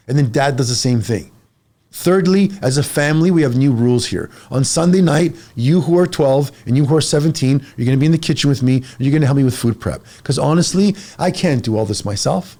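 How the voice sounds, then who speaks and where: A man in his forties, a fitness coach talking in a casual podcast chat, energetic and blunt, pushing listeners with emphatic advice. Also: medium pitch.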